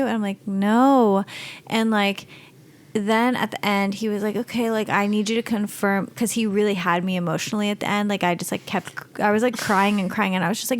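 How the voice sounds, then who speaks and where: A woman's voice: mid-range voice, normal speed. Podcast co-host, woman in her twenties, casual storyteller, lots of fillers. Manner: animated storytelling with many fillers. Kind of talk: casual chat.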